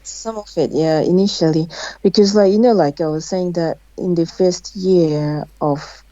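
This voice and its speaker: A young adult woman from Zimbabwe, a podcast guest speaking in a measured, calm way. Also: lowish voice, dry recording. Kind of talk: casual podcast chat. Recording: dry, dull lo-fi sound.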